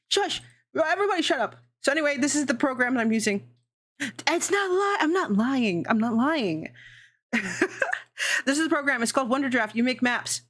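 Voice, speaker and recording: A woman streamer in casual live-stream chat, rambling, swearing and laughing often, her pitch jumping around. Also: lively intonation, moderate pace, long pauses, fairly bright tone.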